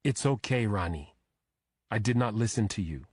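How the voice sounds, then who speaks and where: A man voicing an exasperated husband who shouts back at his wife, then softens. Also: on the low side, animated, normal speed, husky, no echo, studio quality. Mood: soothing. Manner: indignant, shouting.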